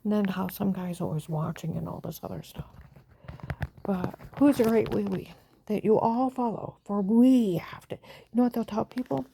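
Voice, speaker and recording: Woman, low husky rasp, dry close sound; agitated rambling monologue, loud bursts dropping to whispers. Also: moderate pace, no room sound. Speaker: vlogger.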